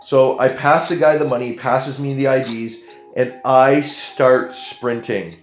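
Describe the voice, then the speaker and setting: Animated Canadian man telling a story. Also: mid-range voice, unhurried, echoey room, soft background music. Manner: animated, jumps into other people's voices. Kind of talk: casual storytelling to camera.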